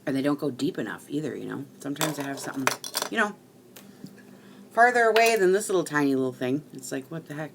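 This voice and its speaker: A middle-aged woman rambling casually to live-stream viewers while she crafts at home, chatty and quick to swear. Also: low voice, lively intonation, noisy background.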